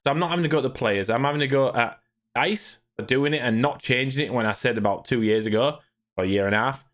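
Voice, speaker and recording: Quick-paced and mid-range, his slightly bright voice carries an angry livestream rant about gaming. The man swears freely and addresses his chat with obvious irritation.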